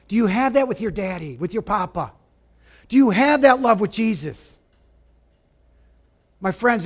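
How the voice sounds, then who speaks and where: A man preaching a sermon, emphatic, asking his listeners direct questions and dropping to a hush at times. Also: high-pitched. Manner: emphatic, rising and falling, drops to a hush for quoted lines; asks the audience direct questions.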